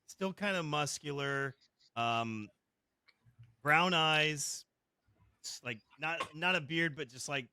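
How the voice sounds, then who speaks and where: Give me a slow-talking man at a tabletop game with a bright, tense voice. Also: a little high, clean tone, no room sound. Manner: slow, halting, hesitant. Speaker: player. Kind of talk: casual tabletop play.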